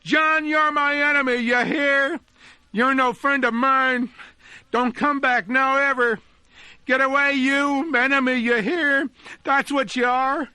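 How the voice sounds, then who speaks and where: A man voicing a young boy who is furious and frightened, shouting in a high, strained voice. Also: fairly even intonation, takes it slowly, no room sound, heavily acted.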